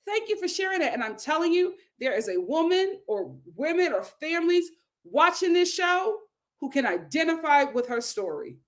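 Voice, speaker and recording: A woman's voice: extremely high pitch, very animated, moderate pace. A woman hosting a casual reality TV recap, emphatic and exclamatory, who repeats phrases for effect.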